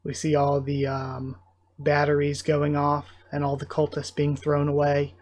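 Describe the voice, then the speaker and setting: A man's voice: a little high, monotone, a little slow, a little mellow. A young man hosting a casual manga readthrough, describing the panels and reacting emotionally. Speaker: channel host reading a manga aloud.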